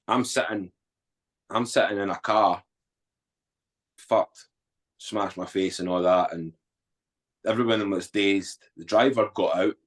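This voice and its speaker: A man, a podcast guest telling his story candidly and bluntly, swearing freely. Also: on the low side.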